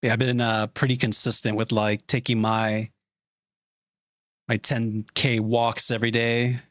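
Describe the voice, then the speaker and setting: A man's voice: mid-range voice, level tone, measured pace, dry recording, clean studio sound. A man streaming as he draws storyboards, chatting casually in a rambling way with frequent laughs. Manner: rambling, chatty, laughs often, heavy use of "like". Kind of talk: casual chat while drawing storyboards.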